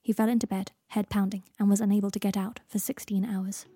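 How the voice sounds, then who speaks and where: A woman, the author, reading her own story aloud in a calm, even manner. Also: medium pitch, brisk, music in the background. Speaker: author and reader. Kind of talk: storybook narration.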